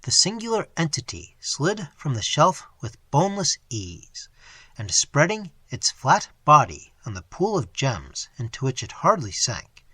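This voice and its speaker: Theatrical man reading a story, husky voice. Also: on the high side, measured pace, dry recording. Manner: expressive, theatrical.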